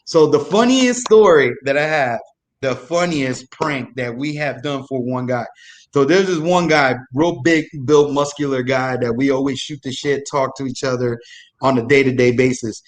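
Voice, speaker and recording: A man's voice: mid-range voice, moderate pace, slight background noise. A young man telling a loose, profane story about his military days on a live comedy show, with frequent restarts. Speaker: guest storyteller, former military supply.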